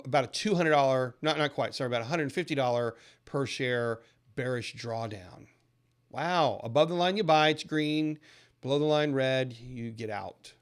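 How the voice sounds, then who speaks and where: A man hosting a trading channel, giving an upbeat, persuasive recorded lesson that shifts into a sales pitch. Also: a bit bright. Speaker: trading educator and channel host. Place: lives in a southern US city.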